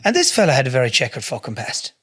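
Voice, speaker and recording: A man's voice: medium pitch, big pitch swings, very fast, bright, forceful tone, slightly rough, dry recording. An Irish man, a podcast guest, telling a story in a blunt, heavy-swearing way in a studio. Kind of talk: casual storytelling.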